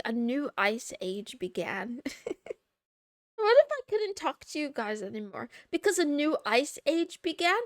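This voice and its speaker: A woman with a high voice chats casually as a VTuber on a live stream, recorded at studio quality with no echo. She giggles, pokes fun at herself, and reads viewer messages out loud.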